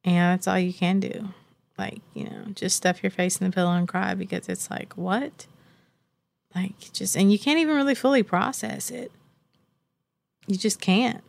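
A woman's voice: mid-range voice, unhurried, creaky, long pauses. A young woman as an interview guest, telling her story earnestly and reflectively with many fillers. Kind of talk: candid personal interview.

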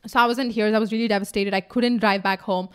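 A young woman hosting a podcast, telling a story in a fast, excitable, swearing, casual chat. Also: medium pitch, smooth. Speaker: podcast host.

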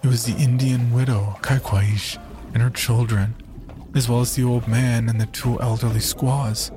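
A man narrating a horror story in a slow, grim first-person telling. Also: mid-range voice, flat delivery, music in the background.

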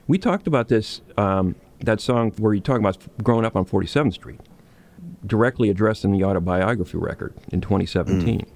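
A man's voice: lowish voice, fairly quick, a little mellow, no echo. A man interviewing a musician, building thoughtful, long questions in a casual conversational tone.

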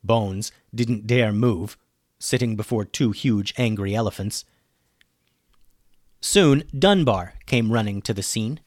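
A man narrating a children's story in a playful, animated way as a podcast host. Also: lowish voice, takes it slowly, no room sound, studio quality.

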